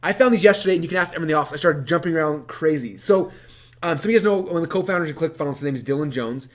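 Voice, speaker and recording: A man presenting a webinar, telling his story to a live audience in a lively, animated way with many fillers. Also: fairly high pitch. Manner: energetic, animated, quick-talking with many fillers.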